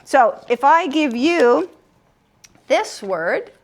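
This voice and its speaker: A woman leading a group word game class, upbeat and encouraging, slowing down to stress syllables. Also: high voice, very animated. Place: room with a live group.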